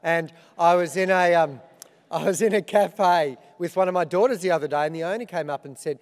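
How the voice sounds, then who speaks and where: A middle-aged Australian man opens an awards ceremony with wry, self-deprecating anecdotes. His voice sits somewhat high for a man, and a long hall reverb trails each line. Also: a little fast. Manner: self-deprecating storytelling with dry punchlines. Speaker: awards host. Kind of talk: comic opening speech.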